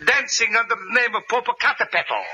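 An actor playing a boastful, joking male piano teacher in a radio comedy, delivering punchlines slowly. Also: extremely high pitch, sharp tone, exaggerated voice. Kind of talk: 1940s radio comedy acting. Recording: muffled old radio recording with hiss.

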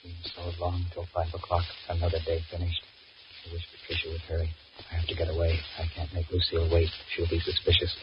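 A jittery, cowardly young husband, voiced by a man with a very low voice, stammering through an anxious inner monologue in 1940s radio style. The recording is dull and lo-fi, with a clear hiss. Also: monotone, fast talker, close to an everyday voice. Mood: worried.

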